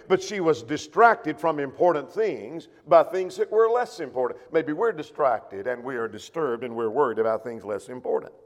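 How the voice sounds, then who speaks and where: A man preaching a sermon in a church, measured and slowing down when he quotes scripture. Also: fairly high pitch. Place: church auditorium. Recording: long echo of a church hall.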